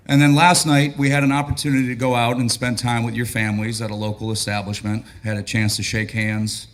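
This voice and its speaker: A battalion chief of training with a raspy, hoarse voice, giving a relaxed, joking and grateful speech at a graduation ceremony. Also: male voice, lowish voice. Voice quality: raspy, losing his voice.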